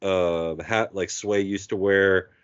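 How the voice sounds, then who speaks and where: A man's low, slow voice is clear and resonant, though the recording sounds muffled. Co-hosting a podcast, he tells a story in casual talk and animatedly imitates the people he quotes.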